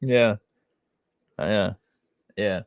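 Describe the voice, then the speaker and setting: A man's voice: on the low side, steady tone, extremely slow, no echo, highs cut off. A man in his thirties hosting a podcast, telling loose stories full of swearing and fillers. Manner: loose storytelling, heavy swearing, frequent fillers. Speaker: podcast host. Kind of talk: casual chat.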